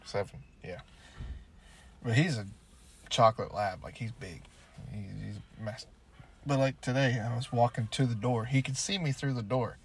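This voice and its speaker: A man's voice: medium pitch, normal speed, long pauses, slight background noise. A man co-hosting a podcast, chatting casually and telling loose, profane stories, with now and then a goofy voice. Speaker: podcast co-host. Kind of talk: casual chat.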